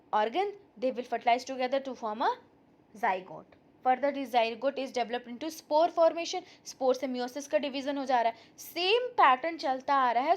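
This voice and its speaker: An Indian woman teaching a biology lesson online, her voice high and her delivery brisk. She slips between Hindi and English and repeats each key term to drill it in. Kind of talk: online lecture.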